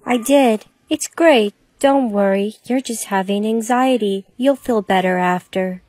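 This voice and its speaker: A synthetic woman's voice reading side characters in short POV skits with a flat, machine-like delivery. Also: medium pitch, a little slow, no echo, studio quality. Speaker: text-to-speech storyteller. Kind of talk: text-to-speech POV skit narration.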